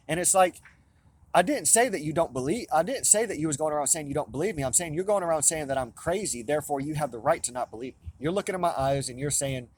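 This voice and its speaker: A man's voice: on the high side, fast talker, a little hiss or hum. A man talking straight to camera in a rambling, insistent monologue, swearing often and restarting his sentences. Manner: restless, insistent, profane, with many restarts. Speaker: vlogger.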